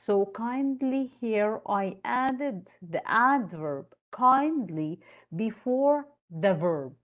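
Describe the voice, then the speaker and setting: A woman teaching English, slowly repeating key words and switching into Arabic to explain them. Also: fairly high pitch, animated. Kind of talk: recorded lecture. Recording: dull lo-fi lecture recording.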